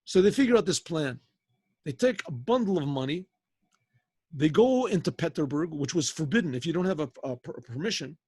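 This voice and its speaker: A rabbi telling a story in a loose, conversational way, halting and repeating words over a video call. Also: male voice, fairly high pitch, animated, darkish tone, slightly rough, dry recording, studio quality. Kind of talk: informal oral storytelling.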